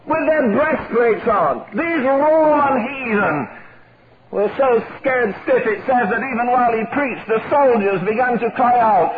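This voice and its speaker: Older man, high voice, impassioned revival preacher, tinny phone-like sound, loud crowd. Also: moderate pace. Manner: impassioned, emphatic, repeating phrases for force. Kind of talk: fiery revival sermon.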